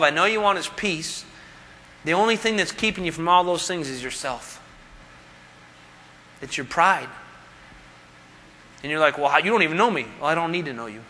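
Man preaching in a church, high-pitched, lots of rhetorical questions and jokes, big hall echo. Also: pushed and bright, a little hiss or hum. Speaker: pastor. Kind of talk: sermon. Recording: long hall reverb.

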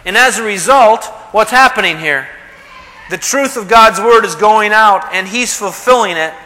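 High, bright-voiced man preaching a sermon. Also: normal speed. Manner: conversational preaching with rhetorical questions. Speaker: pastor. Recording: long hall reverb.

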